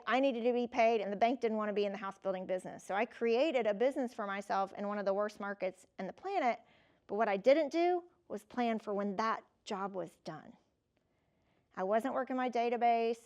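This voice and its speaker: Lively woman giving a motivational keynote. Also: fairly high pitch, a little fast, dull audio. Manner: lively, conversational, addresses audience directly. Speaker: keynote speaker. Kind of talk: motivational keynote with personal stories.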